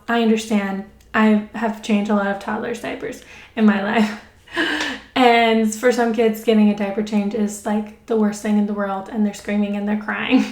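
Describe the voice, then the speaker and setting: A woman speech therapist giving an upbeat, encouraging lesson to parents, laughing often. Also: mid-range voice. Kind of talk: instructional talk to parents. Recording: roomy sound, mic at a distance.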